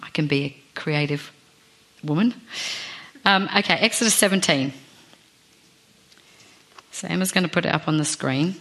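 Aussie lady giving a sermon, a bit low voice, chatty and joking at herself, asks the room stuff. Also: normal speed, pauses often, fairly bright tone. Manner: chatty, self-deprecating, asks the congregation questions. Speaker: preacher. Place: church.

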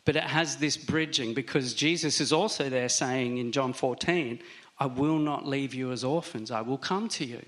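Male pastor, mid-pitched voice, conversational sermon delivery, slow emphatic stresses. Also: fairly bright tone.

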